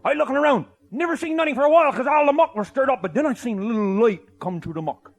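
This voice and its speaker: An older man telling a comic tall tale, boisterous and loud, often laughing as he talks. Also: very high-pitched, animated, fast. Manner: boisterous, often shouting and laughing mid-sentence. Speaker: storyteller.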